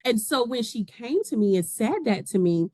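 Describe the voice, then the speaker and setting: A woman's voice: a little high, expressive, moderate pace, darkish tone, no echo. A woman who is a podcast guest, telling a personal story in casual conversation and acting out the voices of the people she quotes.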